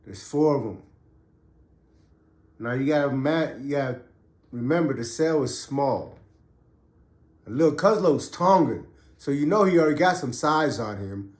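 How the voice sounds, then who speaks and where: This podcast host, once a prisoner himself, tells a prison-days tale in loose, conversational street slang while recovering from a cough. His mid-range voice is expressive and a bit slow, broken by frequent pauses, and the sound is reverberant.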